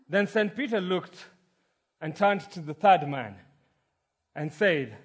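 A male pastor delivering a sermon in an earnest, storytelling manner. His voice is husky and pitched fairly high. He has a relaxed, conversational way of preaching to his congregation. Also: slow, pauses often. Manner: earnest, storytelling, some restarts. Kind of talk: sermon with prayer and joke.

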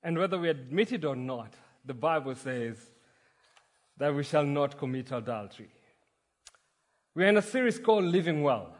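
A male pastor delivering a sermon in an earnest, storytelling manner. His voice is husky and pitched fairly high. He has a relaxed, conversational way of preaching to his congregation. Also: normal speed, pauses often. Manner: earnest, storytelling, some restarts. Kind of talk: sermon with prayer and joke.

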